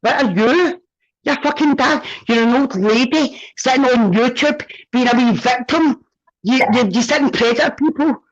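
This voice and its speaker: A woman's voice: high voice, normal speed. Taunting Scottish woman, dull audio. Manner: taunting, mocking, sweary. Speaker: livestreamer. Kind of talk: heated livestream argument.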